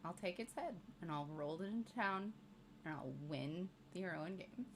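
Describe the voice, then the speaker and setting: A woman's voice: fairly low pitch, lively intonation, moderate pace, a little hiss or hum. A woman playing a tabletop game in a playful, joking way. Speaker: player. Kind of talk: tabletop role-play.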